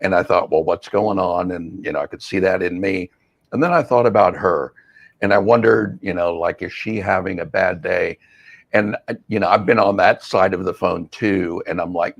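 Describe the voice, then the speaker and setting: A man's voice: low-pitched, fairly even intonation, moderate pace, vocal fry, no echo. A man, a mindfulness coach and podcast co-host, telling a rambling story in casual chat. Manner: rambling storyteller, acts out quoted voices, laughs easily.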